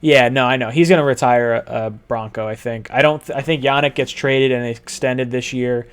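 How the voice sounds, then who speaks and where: A man's voice: medium pitch, fairly even intonation, moderate pace, smooth. A man in the host's chair of a casual sports talk show, his voice sitting right in the middle of the range. He talks easily and chattily, laughing along and reeling off players one after another. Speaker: podcast host.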